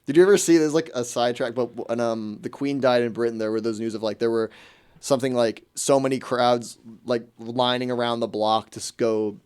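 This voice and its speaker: Fast-talking young American radio host. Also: male voice, mid-range voice, fairly even intonation, a little mellow, clear, resonant tone. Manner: rambling, chatty, many restarts. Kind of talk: casual chat.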